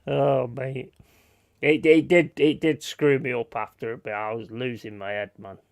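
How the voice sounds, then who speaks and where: Gravelly-voiced man, blunt and sweary. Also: medium pitch, fairly even intonation, measured pace, no room sound. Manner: swears freely, blunt storytelling, reads out chat comments. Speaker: streamer chatting with viewers. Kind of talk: casual live-stream chat.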